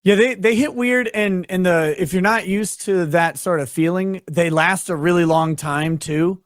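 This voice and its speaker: A man hosting a casual live-stream chat, relaxed and easygoing, with frequent "uh" fillers. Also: sits high, normal speed, no room sound, clean studio sound.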